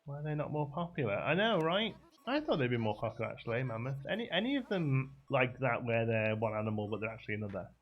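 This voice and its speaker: A man's voice: mid-range voice, sing-song, fast talker, dull audio. A man hosting a casual livestream, easygoing and chatting back to viewer comments with frequent laughs. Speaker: livestream host.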